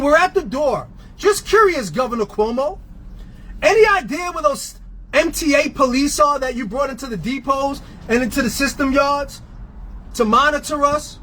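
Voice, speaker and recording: A man's voice: very high-pitched, sharp tone, slight background noise, rough recording. A man from New York, a transit union member, delivering a fiery, sarcastic rant full of rhetorical questions. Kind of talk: impassioned rant.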